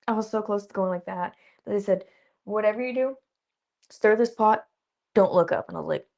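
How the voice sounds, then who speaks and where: A young woman, an actress guest, chatting casually in an interview and telling lively stories with laughs and acted-out quotes. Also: medium pitch, moderate pace, pauses often. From Dallas area. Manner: animated storyteller, laughs often, acts out quotes.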